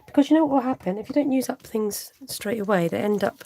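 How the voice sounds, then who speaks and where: A woman's voice: on the high side, fast, dark tone. A woman hosting a live crafting stream, thinking aloud, humming and chatting with viewers.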